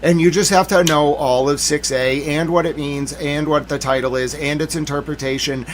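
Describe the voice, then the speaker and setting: A man hosting a live stream, ranting with mock outrage and then settling into calmer musing. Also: fairly high pitch, moderate pace, slight background noise. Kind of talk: live-stream commentary rant.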